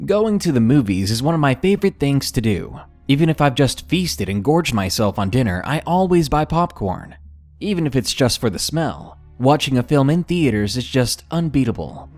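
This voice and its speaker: A man narrating true scary stories in scripted, expressive storytelling. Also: mid-range voice, normal speed, soft background music.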